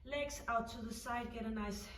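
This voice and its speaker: A woman's voice: a little high, normal speed, fairly bright tone, a little hiss or hum. A woman leading a home workout, counting down reps and encouraging the listener as she coaches. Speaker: fitness instructor. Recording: echoey room, mic at a distance.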